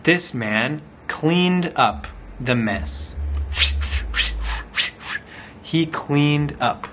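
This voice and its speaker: A man tells a picture story to language learners at a very slow, deliberate pace, repeating each simple phrase. His pitch swings widely as he exclaims and acts out sounds. A faint background noise sits under his voice. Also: lively intonation.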